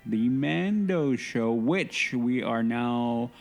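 A man's voice: mid-range voice, expressive, very slow, gravelly, a little mellow, soft background music. A man co-hosting a podcast, chatting casually and rambling with restarts and self-mocking asides. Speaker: podcast co-host. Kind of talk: casual chat.

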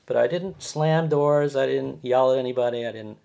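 A man's voice: mid-range voice, normal speed, creaky, dark tone. A man hosting his own show, telling a personal grievance story in a rambling way, with many restarts and repeated words. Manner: agitated, complaining. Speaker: podcast host.

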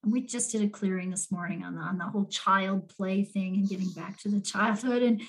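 A woman's voice: medium pitch, fairly even intonation, a little fast, rough recording. A woman hosting a casual interview, affirming her guest and speaking to her listeners. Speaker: host.

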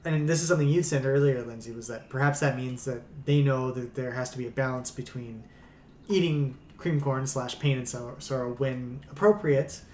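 A man co-hosting a casual podcast, rambling as he thinks aloud with plenty of hesitations. His voice is mid-pitched and echoes around the room. A faint hum of ambience sits underneath. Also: steady tone, moderate pace, darkish tone. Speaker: podcast co-host.

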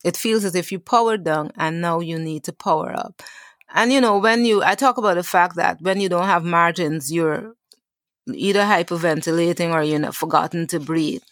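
A woman author and coach speaks earnestly as a podcast guest, weaving faith into her advice and sometimes correcting herself mid-sentence. Her voice is somewhat low. The recording is dry and close. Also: normal speed, no room sound. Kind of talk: podcast interview, reading from her book.

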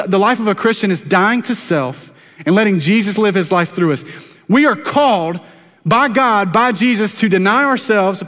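A pastor with a high voice preaches to his congregation. He keeps it chatty and jokes at his own expense. His words ring with the long reverb of a church sanctuary. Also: fairly bright tone. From South Carolina, US. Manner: conversational, self-deprecating preaching with quick asides to the congregation. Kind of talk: sermon.

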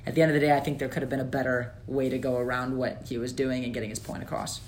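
A man co-hosting a casual sports podcast, opinionated and animated, with lots of fillers. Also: mid-range voice, rapid-fire, a little hiss or hum. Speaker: podcast co-host.

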